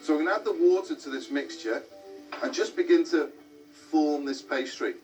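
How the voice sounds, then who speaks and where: A man's voice: on the high side, moderate pace, a little mellow. A man hosting a cooking show, explaining each step in a chatty way as he cooks. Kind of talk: cooking demonstration. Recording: distant mic with background music.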